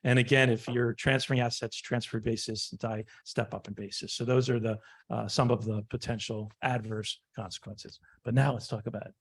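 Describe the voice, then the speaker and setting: A man's voice: medium pitch, little pitch movement, moderate pace, slightly rough. A man, an estate planning attorney, giving a conference presentation and animatedly acting out conversations with clients. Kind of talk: conference presentation with war stories.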